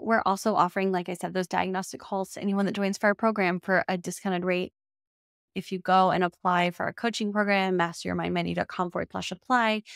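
A woman's voice: fairly low pitch, vocal fry, dry recording, studio quality. A young adult woman hosting a solo podcast as a business coach, talking in a casual, heartfelt and emotional way and often saying y'all.

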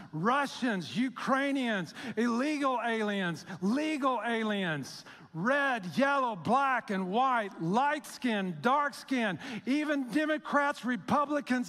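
A man's voice: high voice, a bit bright. A middle-aged man preaching a sermon as pastor, chatty and storytelling, acting out the voices he quotes. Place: church sanctuary. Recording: long hall reverb.

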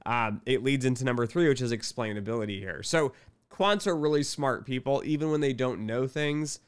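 A middle-aged man talking casually to camera about finance work, telling candid stories and acting out both sides of sales pitches. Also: moderate pace, smooth. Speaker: quant finance commentator.

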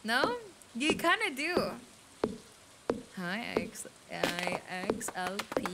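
Young woman streamer, light Filipino accent, higher voice, chatty and profane; rain noise behind. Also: sing-song, slow, long pauses. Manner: chatty, reads chat aloud, swears freely. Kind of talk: casual game stream chat.

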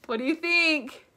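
A young woman leads a preschool lesson in a high, bright voice. She speaks slowly and in a sing-song way, asking little children questions and cheering their answers. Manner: slow, sing-song, encouraging prompts to children. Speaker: preschool teacher.

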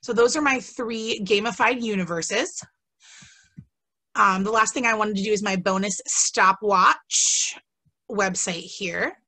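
A woman's voice: medium pitch, slow pace, bright, forceful tone. A woman teacher presenting a webinar in a casual, chatty and enthusiastic way, with frequent ums and asides. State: has the hiccups. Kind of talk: casual instructional webinar talk.

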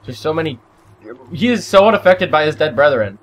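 Young man, let's-play co-host; excitable, wide-ranging voice, faint noise. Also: fairly high pitch, brisk, poor audio. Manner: excitable, goofy remarks. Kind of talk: casual gaming chat.

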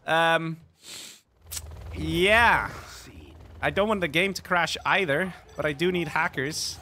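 A man's voice: fairly high pitch, sing-song, moderate pace, sharp tone. A man giving casual, self-mocking commentary while playing a strategy game online, laughing often. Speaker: game streamer. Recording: faint game music behind.

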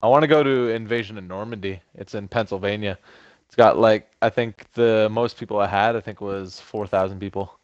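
A man's voice: lowish voice, a little fast, dry recording, dull audio. A man chatting loosely with his team during a game, full of likes and restarts. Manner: loose chatty filler-heavy talk. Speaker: teammate. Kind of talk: casual gaming chat. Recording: voice chat over game music. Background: game music.

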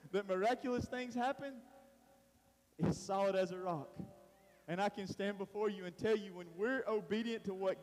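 A man preaches in a high voice, talking to his congregation like friends and often restarting his sentences. His voice carries a long reverb from a church hall. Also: darkish tone. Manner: casual Southern preaching, lots of "man" and restarts. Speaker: pastor. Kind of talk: sermon.

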